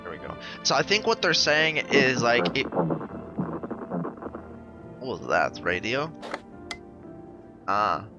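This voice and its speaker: A man's voice: mid-range voice, big pitch swings, slow, long pauses, muffled recording. Rambling man playing a horror game. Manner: rambling, casual, swears. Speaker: gaming channel host. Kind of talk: casual horror-game let's play commentary. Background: game music.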